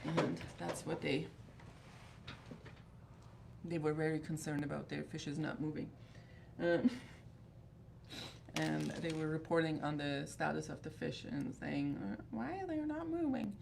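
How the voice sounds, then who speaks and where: A woman's voice: low voice, flat delivery, measured pace, vocal fry, pauses often, darkish tone, a little hiss or hum. A woman in her thirties hosting a livestream, talking in a rambling, candid and exasperated way. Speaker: livestream host of a fragrance group. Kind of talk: casual chat.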